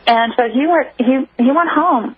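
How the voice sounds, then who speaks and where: A woman guest on a radio call-in show, recounting her own story in an earnest, halting way with many restarts. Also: high-pitched, breathy edge. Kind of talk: personal account on a call-in show. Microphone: telephone. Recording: muffled phone line.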